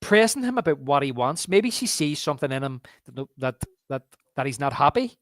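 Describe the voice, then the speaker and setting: A man's voice: mid-range voice, very animated, a little fast, fairly bright tone, no echo. Enthusiastic man co-hosting a movie podcast. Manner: enthusiastic, quotes lines from the film. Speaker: podcast co-host. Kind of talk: casual movie review chat.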